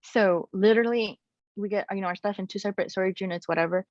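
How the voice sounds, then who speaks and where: Animated young woman telling her story. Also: mid-range voice, fast, no room sound. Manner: animated, frequent "like" and "you know" fillers. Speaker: guest sharing her story. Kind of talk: candid personal storytelling. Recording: slightly muffled, dry recording.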